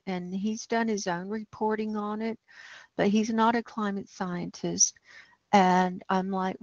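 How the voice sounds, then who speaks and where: A woman's voice: medium pitch, no echo, dull audio. A woman hosting a livestream, walking through data maps and growing alarmed, ranting as she goes. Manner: alarmed, ranting, talks over a map. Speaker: livestream host.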